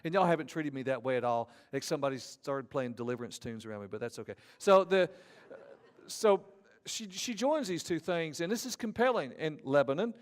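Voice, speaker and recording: A man's voice: a little high, lively intonation, fairly quick. A man with a Southern Georgia accent giving a conference lecture as an ethics teacher, folksy and given to joking asides. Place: large church auditorium. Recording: reverberant hall.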